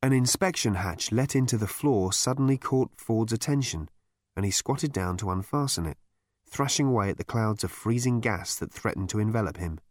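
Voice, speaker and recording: A man's voice: on the low side, moderate pace, dry recording. A man reading a comic novel aloud as narrator in a dry, wry storytelling manner. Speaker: audiobook narrator. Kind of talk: scripted narration.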